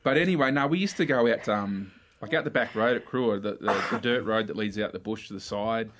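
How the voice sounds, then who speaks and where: An Australian man telling childhood stories in a relaxed, casual chat full of slang. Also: lowish voice, a little fast, background noise. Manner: relaxed storytelling with slang and laughs.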